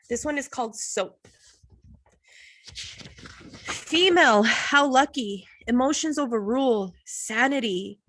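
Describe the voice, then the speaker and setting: A woman reading her own poetry at an online open mic from home, slow and measured, pausing between lines. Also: a little high, a bit bright, no room sound.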